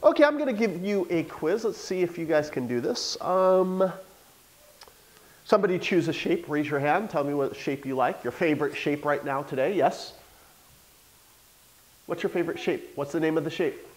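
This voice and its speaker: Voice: mid-range voice, expressive, moderate pace, poor audio. A teacher giving a classroom lesson, coaxing the students with question after question.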